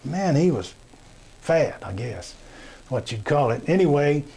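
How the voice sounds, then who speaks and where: Man, comic storyteller, homespun and rambling, pitched a bit high. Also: big pitch swings, vocal fry, warm tone, slightly rough. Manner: folksy, meandering, plain-spoken with many pauses. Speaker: comedian. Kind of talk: rambling joke telling to camera. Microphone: webcam or camera in front.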